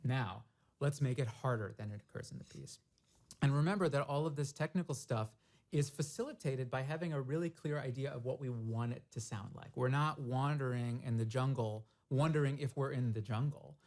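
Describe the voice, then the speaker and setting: A man's voice: mid-range voice, a little fast, a little mellow. Man teaching snare drum technique. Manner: thoughtful, explains step by step, vocalizes rhythms. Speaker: percussion teacher. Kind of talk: instructional demonstration.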